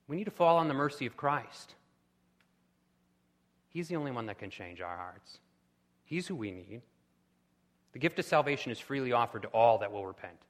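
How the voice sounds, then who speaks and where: A man preaching a sermon with impassioned delivery, rising to loud pleading cries. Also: medium pitch, big pitch swings, normal speed, pauses often, big-room sound. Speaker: pastor.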